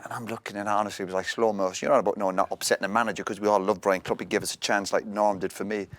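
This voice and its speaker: A man, a former footballer, telling a lively story, quick and animated, with casual swearing. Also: on the low side. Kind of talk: animated anecdotal chat.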